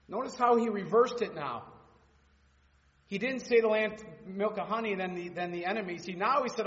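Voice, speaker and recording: High-voiced man preaching in a reverberant hall. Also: fairly quick, a bit bright, highs cut off. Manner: rambling, repeats words and restarts mid-phrase; reads scripture aloud in a raised, declaiming voice. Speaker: Bible study teacher. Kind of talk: informal sermon with personal stories and scripture reading.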